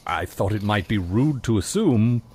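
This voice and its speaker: A man voicing a prim, dry-witted male butler in a video game, speaking formally and deadpan. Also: fairly low pitch, moderate pace, a crowd in the background, lightly acted.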